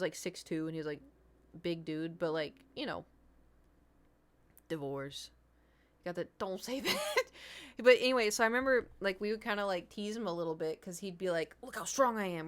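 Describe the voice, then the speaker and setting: Chatty young woman streamer, lowish voice. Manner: chatty and rambling, laughs often. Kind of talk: casual chat with viewers.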